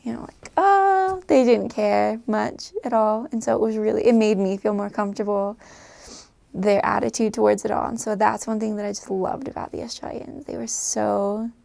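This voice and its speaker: A young American woman chatting casually to camera, with lots of fillers, soft trailing phrases and frequent laughs. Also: medium pitch, little pitch movement, normal speed, creaky. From United States. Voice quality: filler-heavy, laughing often, trailing off softly. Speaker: vlogger. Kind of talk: casual chat.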